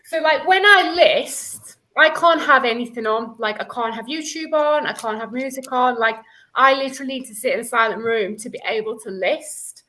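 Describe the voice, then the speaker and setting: Bubbly high-voiced woman. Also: moderate pace, pushed and bright, low-quality recording. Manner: bubbly, lots of "like" fillers. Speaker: guest on a live stream. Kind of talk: casual chat.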